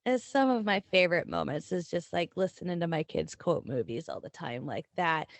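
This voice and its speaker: A woman's voice: on the low side, animated, fairly quick, no echo. A woman in her thirties with a somewhat Southern accent, co-hosting a podcast, swearing and laughing freely. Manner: swearing, laughing, acts out her kids' voices. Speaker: podcast co-host. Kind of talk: casual chat.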